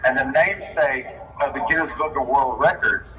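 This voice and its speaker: A man's voice: medium pitch, normal speed, sharp tone. A man from Texas hosting a call-in stream, chatting casually and reeling off trivia questions. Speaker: host taking phone calls. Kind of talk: casual chat. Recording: distant mic with faint background noise.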